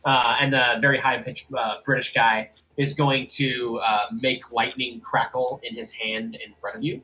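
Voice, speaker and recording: A man running a tabletop game as game master, talking in a relaxed way with many fillers. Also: mid-range voice, unhurried, poor audio.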